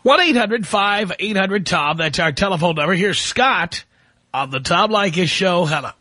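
A man's voice: high-pitched, expressive, normal speed, sharp tone, dry recording. A man hosting a talk radio call-in show, blunt and wry as he takes calls.

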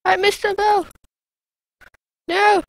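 A woman narrating her gameplay in a high, slightly gravelly voice, yelling taunts at the monsters between slower asides. The recording is dry and close. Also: no echo, poor audio. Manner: excitable, shouts taunts at enemies. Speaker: gamer. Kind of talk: let's play commentary.

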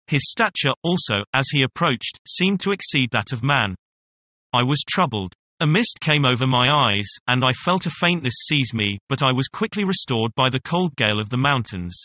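Bright, crisp male audiobook narrator. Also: medium pitch, expressive, moderate pace, no echo. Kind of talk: scripted first-person narration.

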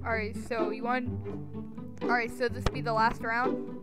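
Woman, high voice, lively pitch, casual gaming chat, playful, loud music behind. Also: moderate pace. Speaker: gamer co-host.

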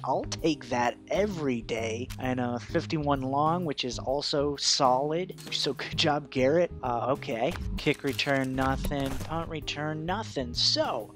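A man's voice: medium pitch, a bit bright. A man giving casual, profane commentary over a football video game, ranting and laughing as he goes. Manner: ranting, swearing, laughing, mock voices. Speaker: gaming YouTuber.

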